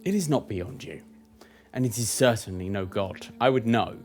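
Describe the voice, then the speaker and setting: A man voicing a grave, quiet celestial being. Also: expressive, faint music behind, natural voice. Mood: solemn. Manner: grave, measured, low and quiet. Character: calm blind celestial being in man's form.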